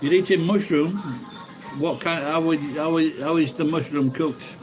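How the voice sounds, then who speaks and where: Over background music, a man vlogs while eating, rambling to his viewers and musing aloud in casual chat. His voice is on the high side, his pace moderate, and the recording is rough.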